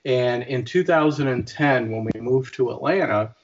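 A man's voice: medium pitch, moderate pace, muffled recording. A man co-hosting a podcast in casual chat, rambling with many restarts. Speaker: podcast co-host.

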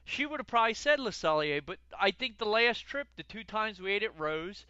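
A middle-aged man co-hosting a casual chat, an animated storyteller who repeats words when he gets excited. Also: high-pitched, brisk, clean tone, no echo, muffled recording. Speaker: podcast co-host.

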